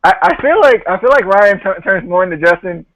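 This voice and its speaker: A man's voice: high-pitched, very animated, fairly quick, a bit bright, no echo, poor audio. A man hosting a podcast, casually retelling a show and laughing often as he quotes people. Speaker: podcast host.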